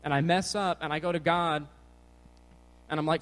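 A young man preaching a casual sermon to teenagers, energetic and jokey in his delivery. His voice sits a bit high for a man. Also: moderate pace, low-quality recording. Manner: energetic, jokey, bouncing around. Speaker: youth pastor.

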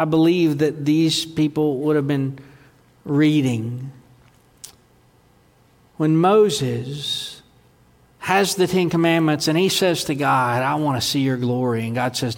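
A man preaches in a church sanctuary, his fairly high voice carried by a long hall reverb. He moves between ringing proclamation and hushed, near-whispered lines. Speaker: pastor. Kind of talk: sermon.

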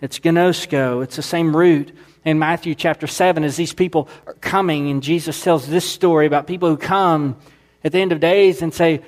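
Earnest preaching man, fairly high voice. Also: steady tone, moderate pace. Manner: earnest preaching, rising in emphatic repetition. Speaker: pastor. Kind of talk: sermon.

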